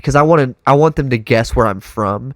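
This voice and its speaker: A man from Texas with a Texan accent, a drummer guest on a casual podcast, telling animated stories, acting out voices and laughing often. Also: medium pitch, a little fast. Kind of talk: casual chat. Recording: dry studio sound.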